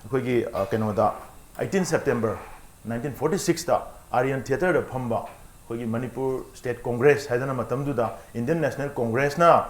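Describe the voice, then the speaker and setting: A man speaks as a guest on a television panel, laying out his points earnestly and pausing often to search for words. He talks at a very fast clip. His voice sounds roomy, with the studio echo clearly heard. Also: medium pitch, a little hiss or hum. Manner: fast, earnest explaining with many pauses.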